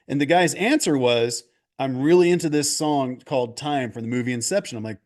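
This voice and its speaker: A man guest on a video call interview, telling stories in a casual, animated way and acting out quotes. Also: mid-range voice, a little fast. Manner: animated, restarts and acts out quotes. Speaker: golf coach guest.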